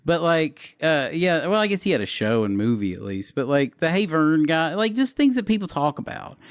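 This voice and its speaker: A man's voice: on the high side, very animated, normal speed, clean tone, dry recording, studio quality. A man co-hosting a podcast in casual chat, rambling and hesitant with many restarts. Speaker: podcast co-host.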